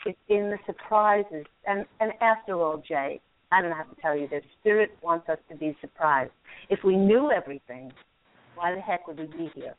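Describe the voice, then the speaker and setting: Soothing woman radio host on a phone-like line. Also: medium pitch. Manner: warm, soothing and encouraging, with frequent laughs. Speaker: radio host and angel card reader. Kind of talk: call-in radio reading.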